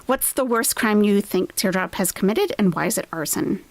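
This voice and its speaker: A woman's voice: medium pitch, expressive, normal speed, gravelly, no room sound. A woman hosting a live-stream reaction, making sarcastic, mocking asides about the person on screen. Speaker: reaction channel host.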